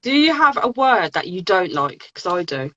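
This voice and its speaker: A woman's voice: on the low side, big pitch swings, normal speed. A woman hosting a live writing interview on a video call, listening closely and murmuring agreement. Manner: warm listener, lots of soft agreement sounds. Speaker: host. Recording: muffled lo-fi call audio.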